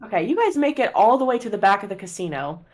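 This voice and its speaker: A woman's voice: medium pitch, big pitch swings, fast, a little mellow. Woman GM, casual tabletop narration, easygoing and profane. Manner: casual, laughing, swearing. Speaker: game master.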